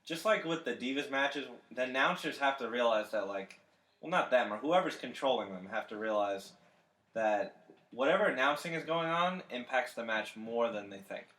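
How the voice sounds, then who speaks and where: A young man talks wrestling on a casual podcast, animated and quick to cut in with a curse. His voice sits at a middle pitch. It rings a little in a roomy, echoey space. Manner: animated, swears, jumps in excitedly. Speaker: podcast co-host.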